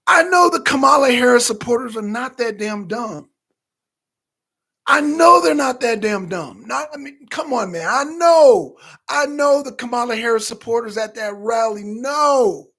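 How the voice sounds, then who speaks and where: Animated husky man hosting a livestream. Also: very high-pitched, unhurried. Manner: animated, repetitive, calls out chat viewers. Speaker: talk show host. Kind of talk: livestream political commentary, reading chat.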